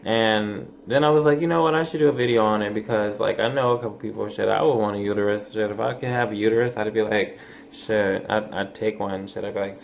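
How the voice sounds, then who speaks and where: Gravelly-voiced young man rambling casually. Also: fairly low pitch, fairly even intonation, fast, a little hiss or hum. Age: 20s. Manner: rambling, many fillers and restarts, swears casually, laughs often. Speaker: vlogger. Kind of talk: casual rambling vlog talk.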